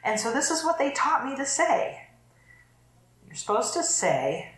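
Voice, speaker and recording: A woman's voice: sits high, big pitch swings, a little slow, pauses often. A middle-aged woman pastor giving a chatty, conversational sermon and laughing easily. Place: church sanctuary. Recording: echoey church room.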